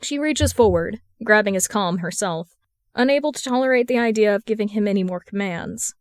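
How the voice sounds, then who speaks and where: A woman reading a fan fiction audiobook in a steady, even narration. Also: medium pitch, fairly quick, no echo, studio quality. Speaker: podfic reader.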